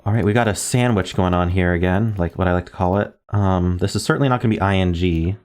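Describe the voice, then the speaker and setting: A man with a low, deep voice talks his way through word puzzles, spelling out letters and musing over guesses. He keeps it casual and thinking-aloud, often correcting himself mid-sentence. Keyboard typing clicks sound behind him. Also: quick pace, darkish tone. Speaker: word game streamer.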